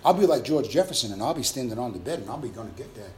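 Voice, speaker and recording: A man's voice: medium pitch, big pitch swings, very fast, a little mellow, echoey room. A male preacher delivering a sermon with emphatic bursts and acted-out sounds.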